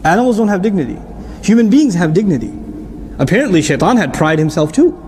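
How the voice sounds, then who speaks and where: A middle-aged man preaching a sermon-style lecture, explaining with rhetorical questions and turning animated at times. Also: sits high, fast, a little hiss or hum. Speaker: Islamic preacher.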